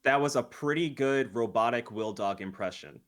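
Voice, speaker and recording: A man's voice: mid-range voice, normal speed, a bit bright. A man, a guest YouTuber, chatting in an easygoing, playful way and going along with the jokes in an improvised comedy bit.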